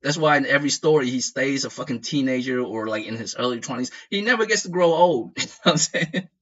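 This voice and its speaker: A man who grew up in the United States, talking casually as a streamer in a profane, animated rant full of laughs. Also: medium pitch, fast. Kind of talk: casual chat. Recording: dull lo-fi audio.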